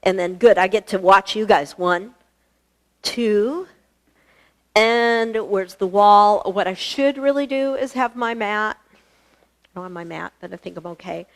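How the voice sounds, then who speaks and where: A woman's voice: medium pitch, a little slow. A woman teaching a live online yoga class, chatty and encouraging, laughing often and a little out of breath. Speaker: yoga instructor. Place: fitness studio.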